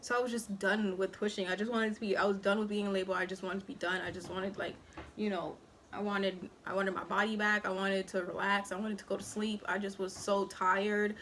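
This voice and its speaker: A young vlogger and new mother chats through a rambling storytime while eating, loaded with fillers and acted-out quotes of what people said. Her mid-range voice is a bit bright, with a little hiss or hum on the recording.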